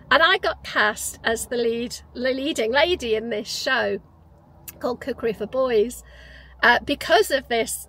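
A woman in her fifties talks to camera about her past. Her voice sits a little high, and her manner is reflective and chatty, with false starts and fillers as she gathers her thoughts. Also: a bit bright, low-quality recording. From Newcastle, England. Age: 50s. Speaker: vlogger. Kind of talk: casual personal storytelling.

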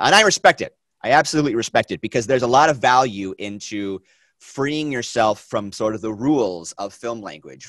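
A man teaching a film class, talking in a lively, conversational way and asking the students questions. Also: fairly low pitch, no echo. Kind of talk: classroom lecture.

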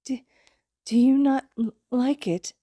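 A woman's voice: expressive, moderate pace, mellow, no room sound, studio quality. Woman doing a small tearful four-year-old boy. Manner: high, childlike, stammering when upset.

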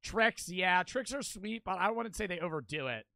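A man's voice: high-pitched, animated, normal speed, bright, forceful tone, dry recording. A young man streaming, reacting in loose, profane, rambling casual commentary.

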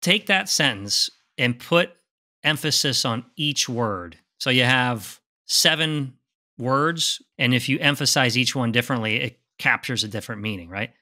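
A podcast co-host with a mid-range, pushed, bright voice speaks a little slowly. In casual conversational chat he asks his partner questions inquisitively, often stammering and repeating words.

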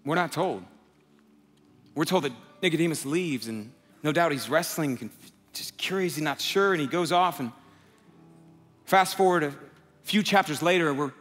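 A man's voice: a little high, normal speed, long pauses. A young adult man preaching a sermon in a conversational way, acting out the quotes he tells. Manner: conversational, acts out quotes, builds to impassioned near-shouting. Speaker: pastor. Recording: long hall reverb, soft music behind.

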